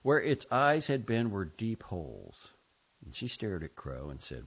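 A man reading a first-person story aloud, expressive and shifting between quiet and louder lines. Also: on the low side, measured pace, slightly rough, dull audio. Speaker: audiobook narrator. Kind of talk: scripted first-person narration.

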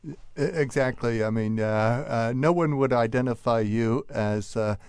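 A man's voice: mid-range voice, measured pace, darkish tone, clean tone, dry recording. A man from Philadelphia, a radio show guest explaining how people speak, thoughtful with frequent uhs. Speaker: guest linguist. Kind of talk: radio interview.

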